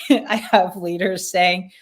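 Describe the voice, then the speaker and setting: A woman guest in a casual podcast interview, thinking aloud slowly with many fillers and restarts. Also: on the low side, steady tone. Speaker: leadership consultant guest.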